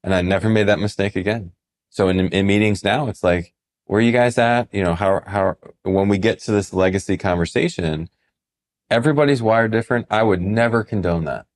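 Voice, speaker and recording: A man's voice: lowish voice, fairly quick. A man who works as a financial advisor, telling stories on a podcast and acting out what clients said. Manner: animated storyteller, acts out quoted clients. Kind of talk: casual podcast storytelling.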